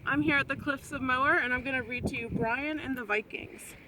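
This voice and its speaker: Woman teacher, storybook read-aloud for kids, lively and high-pitched; recorded outdoors in heavy wind. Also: brisk. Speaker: elementary school teacher. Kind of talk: reading a picture book aloud. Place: windy clifftop outdoors. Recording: loud wind noise outdoors.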